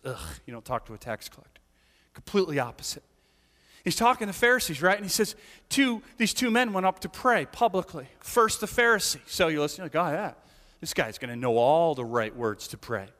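A pastor with a high, fairly bright voice preaches a sermon in a large church sanctuary. He speaks conversationally and animatedly, asking many rhetorical questions.

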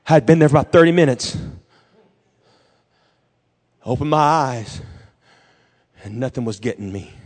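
A man pastor preaching a sermon, moving from quiet storytelling to shouted, fervent declarations. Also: a little high.

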